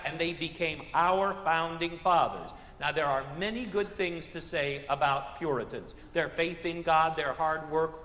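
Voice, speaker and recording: A man lectures with a high, lively voice that swoops up and down as he poses rhetorical questions and drops dry comic asides. The sound is roomy, with a long hall reverb trailing each phrase. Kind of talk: public lecture on literature. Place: stage of a theater.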